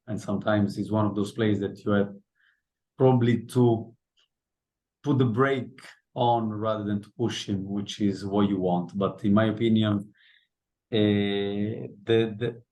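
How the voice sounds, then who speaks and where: Man, coach, low voice, dark mellow tone, measured, hesitant, press conference. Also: low-quality recording. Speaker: head coach.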